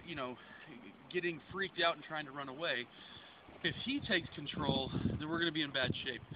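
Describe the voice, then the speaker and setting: A man's voice: fairly high pitch, gravelly. A man working as a dog trainer, explaining his method plainly while handling a dog on location. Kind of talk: instructional on-location demonstration. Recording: dull lo-fi audio with loud background noise.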